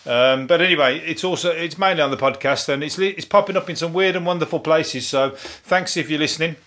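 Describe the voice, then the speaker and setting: A man's voice: fairly high pitch, a little fast, fairly bright tone. A man with a Birmingham accent hosting a solo podcast, rambling casually with swearing, self-mocking jokes and restarts. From England. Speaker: podcast host.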